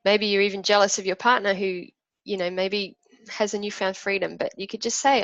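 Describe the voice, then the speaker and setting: A woman's voice: medium pitch, steady tone, brisk, a bit bright, no echo, highs cut off. A woman teaching an emotional technique, talking through imagined inner voices in an earnest, reflective way. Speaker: emotional wellbeing coach.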